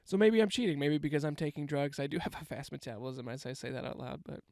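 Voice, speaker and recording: A young man spins a loose, profane comic story full of self-mockery. His voice sits a little high and comes across smooth and clear. The sound is close and dry. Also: fast, mellow, no room sound. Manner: rambling, profane, self-mocking. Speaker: comedian. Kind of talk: casual comedic storytelling monologue.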